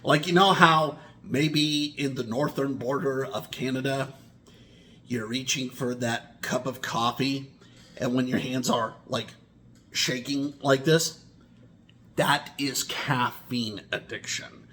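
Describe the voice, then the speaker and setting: A man vlogging to camera in a rambling personal monologue, deliberate, with sudden swings in pitch and loudness. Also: fairly even intonation, a little hiss or hum.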